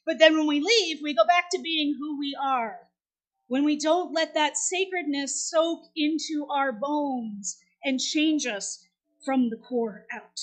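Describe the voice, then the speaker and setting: A woman in her forties preaches with a very high voice. She tells the story in a chatty way and asks the congregation questions. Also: a bit bright. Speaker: minister. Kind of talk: sermon.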